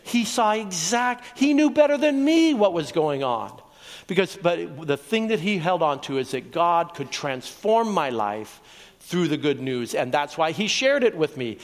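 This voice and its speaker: A man's voice: on the high side, sing-song, unhurried. A man from Oregon preaching his testimony to a live audience, storytelling earnestly with asides to the crowd. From Oregon, USA. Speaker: evangelist preacher. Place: large hall with an audience. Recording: long reverb from a large hall.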